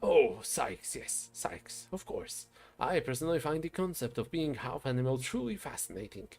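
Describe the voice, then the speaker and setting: A man voicing an eccentric, rambling gentleman obsessed with animals, in a whimsical, posh manner. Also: mid-range voice, sing-song, normal speed, soft background music.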